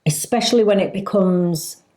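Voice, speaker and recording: A woman's voice: mid-range voice, warm tone. Chatty woman with a Leeds accent. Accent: Leeds, northern English. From Leeds, England. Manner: chatty, enthusiastic, halting with fillers. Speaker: co-host. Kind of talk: casual chat.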